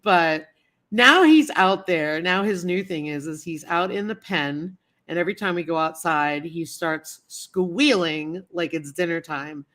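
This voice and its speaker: A woman's voice: fairly low pitch, a little slow, fairly bright tone. Chatty woman hosting a livestream. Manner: chatty, greets viewers and answers chat comments as she talks; rambling storytelling with many fillers and repeats. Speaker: livestream host. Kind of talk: casual livestream chat.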